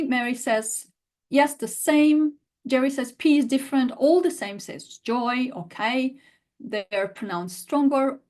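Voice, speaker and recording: A woman's voice: fairly high pitch, darkish tone. A woman teaching a live online lesson, reading out student answers and repeating sounds for learners to copy. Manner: demonstrates sounds by repeating them. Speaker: language teacher.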